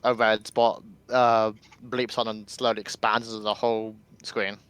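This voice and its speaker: A man at a tabletop game describes what his character does, stopping and restarting as he hunts for the words. His voice is smooth and clear, with a dry, close sound. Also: lowish voice, flat delivery, fairly bright tone, no echo. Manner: halting, searches for words. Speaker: player.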